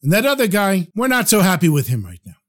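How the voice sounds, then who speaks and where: A brusque, impatient policeman barks out his orders, as a storyteller puts him on. The voice is pitched high for a man. It sounds like an audio storybook. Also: wildly swooping pitch, fast talker, full character voice.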